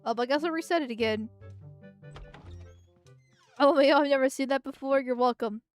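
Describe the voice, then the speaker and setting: A woman's voice: high voice, a little fast, faint music behind. A young woman streaming a game, chatting crudely and jokingly, often laughing and stumbling over her words. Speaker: vtuber streamer. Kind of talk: casual gameplay commentary.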